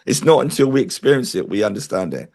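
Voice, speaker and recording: A man's voice: medium pitch, expressive, fast talker, creaky, darkish tone. A man interviewed as a spiritual medium, talking in an earnest, chatty way and telling stories. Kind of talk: interview conversation.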